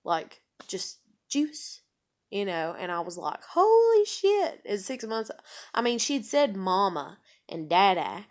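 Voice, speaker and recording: Woman, candid vlog, rambling, swears freely, mid pitch. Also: animated, slow pace. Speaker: vlogger.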